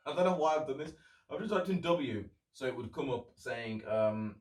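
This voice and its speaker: A man's voice: mid-range voice, normal speed, a little mellow, distant mic. A young man hosting a casual solo podcast, rambling and chatty and swearing freely. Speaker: podcast host. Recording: roomy, off-mic sound.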